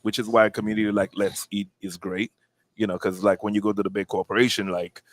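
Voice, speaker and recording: Low-voiced restaurant owner, plain-spoken. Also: male voice, level tone, fast, no echo. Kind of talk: casual chat.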